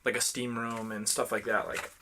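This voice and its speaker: A man's voice: on the low side, level tone, normal speed, bright, forceful tone. A man in his thirties from Western New York, co-hosting a casual podcast and telling loose, profane stories. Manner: loose and profane, acts out stories with quoted voices. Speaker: podcast co-host. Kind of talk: casual chat.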